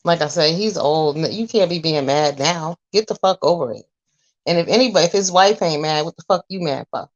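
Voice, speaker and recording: A woman in her forties chatting to viewers, telling a story in a blunt, animated, profane way. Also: deep voice, a little fast, muffled recording. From US Northeast. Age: 40s. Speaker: vlogger.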